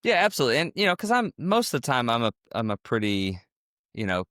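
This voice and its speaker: A man's voice: mid-range voice, very animated, fast talker, fairly bright tone, clean tone, no room sound, studio quality. A man who coaches gymnastics, chatting casually on a podcast and explaining things step by step in a conversational way.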